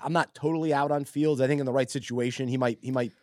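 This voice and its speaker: A man's voice: mid-range voice, fairly even intonation, fast, darkish tone, no room sound, studio quality. A man co-hosting a casual sports talk show, earnest and thoughtful, often restarting his sentences. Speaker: podcast co-host. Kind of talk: casual sports chat with a faith angle.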